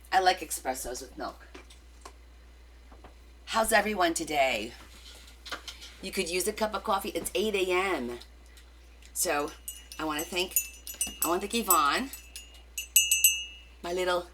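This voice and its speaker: A woman's voice: lowish voice, noisy background. A middle-aged woman with a New Jersey accent, hosting a craft livestream, chatting casually and greeting viewers by name with rambling asides.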